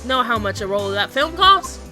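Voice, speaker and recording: A woman's voice: on the high side, very animated, brisk, soft background music, exaggerated voice. Woman doing a brash southern gal drawl. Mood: scolding. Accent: put-on American Southern drawl. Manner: loud, folksy, scolding.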